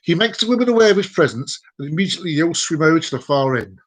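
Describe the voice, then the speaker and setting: A man's voice: on the high side, animated, rapid-fire. A man hosting a live stream, telling jokes with chatty asides and laughing along. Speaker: host. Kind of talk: joke telling.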